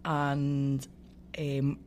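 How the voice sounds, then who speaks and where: A woman's voice: extremely low pitch, drawn-out words, slight background noise. A woman guest tells a story casually and with energy, swearing and acting out what others said. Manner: animated, swears freely, acts out quotes. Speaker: guest fighter.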